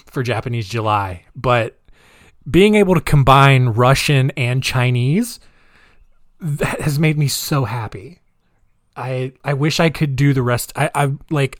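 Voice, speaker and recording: A male host telling a true crime story in a casual, chatty way, sarcastic and quick to laugh. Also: medium pitch, no room sound, clean studio sound. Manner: chatty, laughs at his own jokes, sarcastic.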